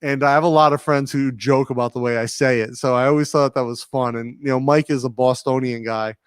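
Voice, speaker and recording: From his home studio, a Rhode Island, USA, man with a slight New England accent hosts a livestream, chatting casually and reading viewer comments in a rambling, laid-back way aimed right at viewers. His mid-range voice is smooth and steady in tone, fairly quick, with no room sound.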